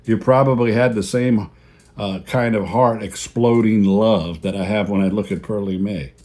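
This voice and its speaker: A fairly low-voiced man preaching to his church in a plain, folksy way. He repeats his key phrases for weight and talks like he's chatting with his flock. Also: steady tone, normal speed, a little mellow. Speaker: pastor. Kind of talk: sermon. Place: church video service.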